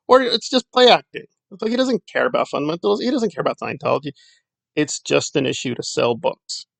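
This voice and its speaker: A man's voice: fairly high pitch, gravelly, fairly bright tone, dry recording. A man hosting a casual solo commentary, talking in a sarcastic, dismissive way. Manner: sarcastic, dismissive, with mocking quoted voices. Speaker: commentary channel host.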